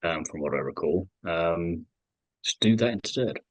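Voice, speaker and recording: A man's voice: deep voice, expressive, a little slow, no room sound, rough recording. A man co-hosting a casual podcast, opinionated and rambling, with jokes mixed in. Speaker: podcast co-host.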